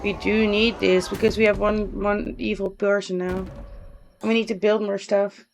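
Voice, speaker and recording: A woman's voice: mid-range voice, little pitch movement, moderate pace, creaky, slight background noise. A sleepy woman streamer chatting casually with her live chat, giggling often and cooing to her pet. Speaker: Twitch streamer.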